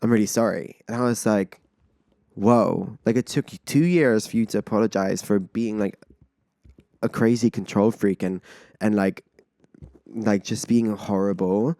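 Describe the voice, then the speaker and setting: A man's voice: lowish voice, warm tone, no room sound, studio quality. A young man hosting a podcast, telling an emotional story in a swearing, indignant rant full of "like" fillers. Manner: swears a lot, fast-rising indignant outbursts, many "like" fillers. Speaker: podcast host.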